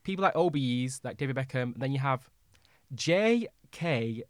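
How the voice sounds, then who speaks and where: A man co-hosting a podcast in casual chat. He sounds opinionated and animated, and he laughs easily. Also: mid-range voice, normal speed, dry recording, studio quality. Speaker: podcast co-host.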